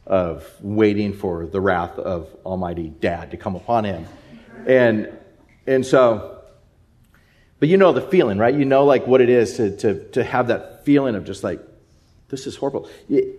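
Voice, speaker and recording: A man with a lowish voice preaches from the pulpit. He rambles through a family anecdote with lots of fillers and restarts, lively and animated. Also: normal speed. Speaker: pastor. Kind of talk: sermon with personal storytelling.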